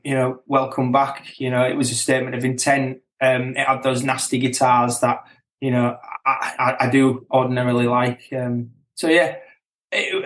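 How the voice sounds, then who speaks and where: Man, middle-aged, band member guest, casual and chuckling, roomy echo. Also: mid-range voice. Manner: relaxed, chuckling, self-correcting. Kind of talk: casual chat.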